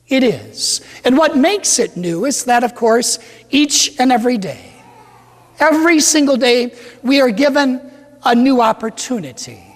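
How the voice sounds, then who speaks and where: Man, parish priest, playful, call-and-response, high pitch, long church echo. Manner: playful, joking, leads the congregation in chants. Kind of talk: sermon with a call-and-response cheer. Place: large church with a congregation. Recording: echoey church with crowd behind.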